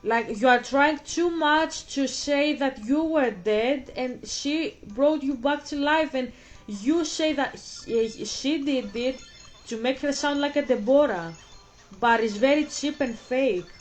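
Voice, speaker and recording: A woman's voice: high-pitched, takes it slowly, faint music behind, low-quality recording. A woman hosting a reaction video, rambling and exasperated as she stumbles over her words. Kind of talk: casual reaction commentary.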